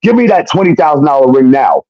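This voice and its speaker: A man's voice: fairly high pitch, quick pace, no echo, highs cut off. A man telling his own story in casual talk, swearing often and acting out what others said. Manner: profane, animated retelling with quoted dialogue.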